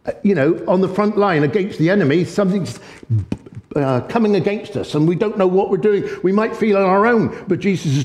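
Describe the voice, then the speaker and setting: A man delivers a sermon with growing fervor. His voice sits fairly high but sounds mellow and warm. A long reverb trails each phrase, as if he were speaking in a large hall. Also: a little fast. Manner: impassioned, gets excited and loud. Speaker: preacher.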